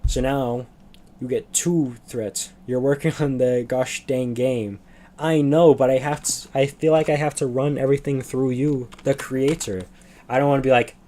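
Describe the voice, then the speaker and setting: A man's voice: medium pitch, steady tone, measured pace, warm tone. Rambling, chuckling male streamer. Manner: rambling, chuckling, self-deprecating. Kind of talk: casual live game commentary.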